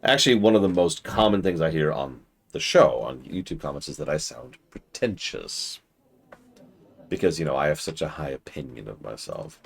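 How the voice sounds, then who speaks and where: A man's voice: a bass voice, very animated, moderate pace, gravelly. A man streaming a game, chatting casually in a wry, self-mocking way.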